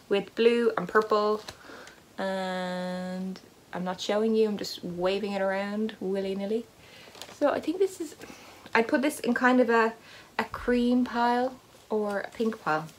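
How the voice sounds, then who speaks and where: With a medium-pitched voice and slight background noise, this knitting podcast host rambles through a casual vlog while unboxing advent yarn, poking fun at herself along the way.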